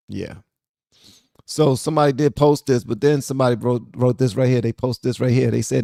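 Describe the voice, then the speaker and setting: A man hosting a podcast, giving reaction commentary in an animated, incredulous way with frequent laughter. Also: medium pitch, fairly quick, gravelly, no room sound, studio quality. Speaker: podcast host.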